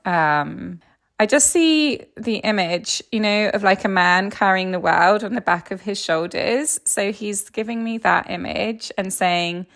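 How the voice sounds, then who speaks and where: Chatty, gravelly woman communicator. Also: fairly low pitch, moderate pace. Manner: chatty, filler-heavy, laughs often. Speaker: animal communicator. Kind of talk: casual spoken reading.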